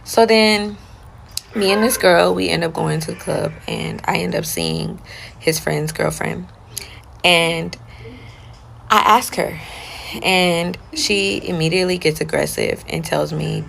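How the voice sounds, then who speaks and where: A woman's voice: on the low side, lively intonation, takes it slowly, gravelly, a bit bright, slight background noise, low-quality recording. A young woman chatting casually as she retells a personal story, often slipping into quotes of what she and others said.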